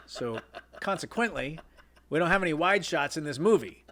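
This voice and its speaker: Filmmaker guy rambling through old shoot stories, raspy creaky voice. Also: mid-range voice, lively intonation, fairly quick, pauses often, a bit bright. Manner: rambling anecdotes with many fillers and restarts. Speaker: guest filmmaker. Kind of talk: casual storytelling in an interview.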